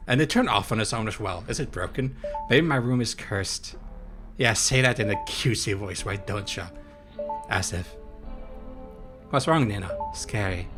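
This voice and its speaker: A young man giving live commentary on a horror game, excitable and quick to swear and yelp at scares while reading his chat aloud. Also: lowish voice. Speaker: streamer playing a horror game.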